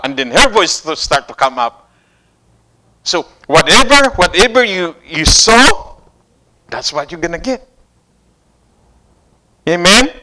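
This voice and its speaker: Male preacher, high voice, unhurried, prompts the congregation with questions. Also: sharp tone, low-quality recording. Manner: call-and-response questions to the congregation, repeating phrases. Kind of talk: sermon.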